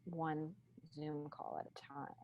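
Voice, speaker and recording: A woman guest in a podcast interview, speaking slowly and deliberately in a grounded, reflective teaching tone over a video call. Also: deep voice, little pitch movement, highs cut off, noisy background. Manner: slow, deliberate, grounded delivery.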